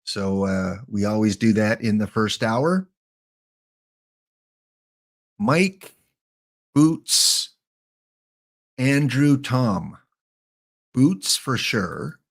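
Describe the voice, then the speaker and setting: A man with a lowish, creaky voice hosts a live game stream, stretching out his words with lots of animation and frequent pauses. He thinks aloud as he picks player cards, muttering names, and throws chatty asides to his viewers in the chat.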